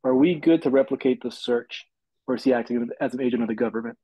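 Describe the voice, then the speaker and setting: A man's voice: medium pitch, quick pace, slightly rough, no echo. A man who supervises police officers calls in to a live session, asking his question plainly with some hesitation. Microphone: own mic on a video call. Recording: dull, dry call audio.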